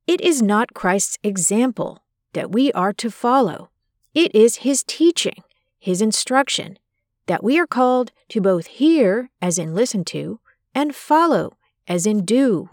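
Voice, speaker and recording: A woman hosting a podcast, reading a scripted narration and commentary in a measured, emphatic way. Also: a little high, animated, a little mellow, no echo, clean studio sound. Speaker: podcast host. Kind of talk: scripted narration of a personal story and biblical commentary.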